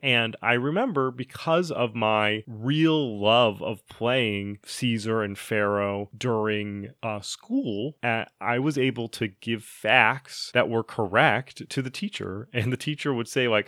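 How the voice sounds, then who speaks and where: A man's voice: mid-range voice, fairly bright tone, dry recording, studio quality. A man chatting casually about old video games, talking in a loose way with lots of restarts. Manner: chatty, many restarts and fillers.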